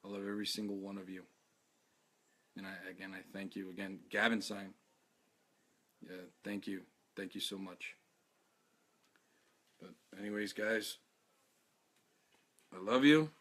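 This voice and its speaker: An exhausted man talking to his followers in a live video, halting and stammering, repeating his words, earnest and heartfelt. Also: lowish voice, fairly even intonation, fairly bright tone. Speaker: activist speaking to followers.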